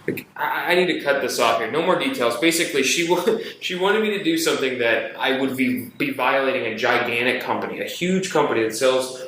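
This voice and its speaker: A man co-hosting a podcast, telling an animated story about his workday and mimicking the people in it. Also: normal speed, slight background noise. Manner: animated storyteller, mimics others in high voices. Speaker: podcast co-host. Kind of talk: casual chat, telling a work story. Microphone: phone. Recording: echoey room on a phone.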